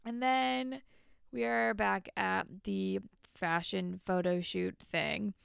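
Creaky, smooth-voiced woman podcaster. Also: medium pitch, takes it slowly, dry recording, studio quality. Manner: animated, acts out characters' lines while retelling. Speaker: podcast co-host. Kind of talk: casual recap chat.

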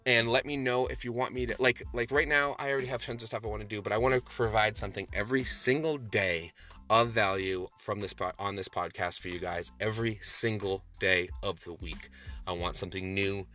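A man's voice: on the low side, fairly even intonation, pushed and bright, soft background music. A man hosting a solo podcast, talking with passion and emphasis, often restarting his sentences. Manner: passionate, emphatic, talks fast with many restarts. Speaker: podcast host.

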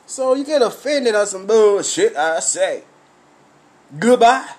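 A man talks casually to his livestream viewers while tipsy from drinking. His voice sits high for a man, and his talk is profane and rambling, swearing freely. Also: lively intonation, a little slow.

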